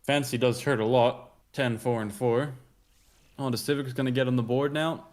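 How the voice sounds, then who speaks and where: Relaxed mid-pitched male co-caster. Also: moderate pace. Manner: relaxed, chatty, self-correcting. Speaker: esports color commentator. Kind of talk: casual co-commentary.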